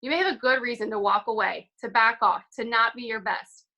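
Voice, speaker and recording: Bright, chatty young woman on a call. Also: fairly high pitch, fairly quick, muffled recording. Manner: chatty, upbeat, fillers like "like" and "um". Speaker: team call speaker. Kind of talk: casual motivational call talk. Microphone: video call.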